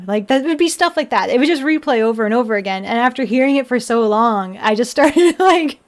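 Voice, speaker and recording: A woman's voice: fairly high pitch, animated, brisk, hardly any pauses. A young woman chatting casually on a live stream, giggly and rambling, with lots of "like" and restarts. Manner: chatty and giggly, full of "like" and restarts, baby-talks to her pets.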